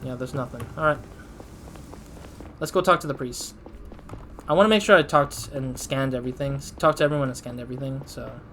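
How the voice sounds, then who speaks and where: A man's voice: medium pitch, a little fast, pauses often, a bit bright, slight background noise. A man giving casual let's-play commentary, thinking aloud and laughing at himself. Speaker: gaming channel host.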